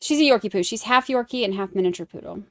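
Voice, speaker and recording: A woman's voice: medium pitch, lively intonation, fast, no room sound, clean studio sound. A woman hosting a casual true crime live stream, chatting and reading viewer comments aloud. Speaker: true crime livestream host.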